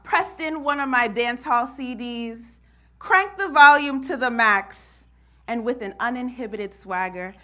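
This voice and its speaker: A woman from New Jersey, USA, performs a spoken-word monologue, telling her story expressively and laughing often. Her voice is a little high, bright and forceful.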